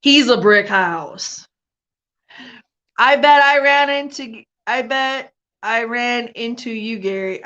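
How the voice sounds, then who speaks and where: High, bright-voiced woman, unhurried casual rant. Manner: loud, laughing, Southern-style colloquial rant. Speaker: vlog host. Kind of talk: casual chat. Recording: dull lo-fi home recording.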